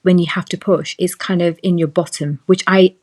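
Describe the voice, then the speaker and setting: A young woman appears as a podcast guest, her voice on the low side, steady and a little mellow, at a moderate pace. In chatty storytelling she shares a personal story and acts out the voices of the people in it.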